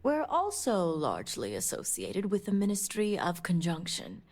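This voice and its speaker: An actress playing a guarded female noble elder and spymaster in a video game, speaking in a measured, formal way with breathy edges. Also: on the low side, huge pitch swings, a little mellow, exaggerated voice. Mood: stern. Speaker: game character.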